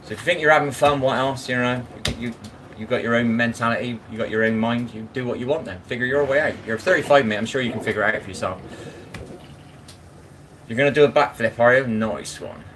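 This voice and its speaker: A man's voice: mid-range voice, fairly quick, a bit bright, slight background noise, poor audio. A man chatting bluntly with his live chat while washing up, often asking if you know what he means. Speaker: live streamer. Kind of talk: casual live-stream chat.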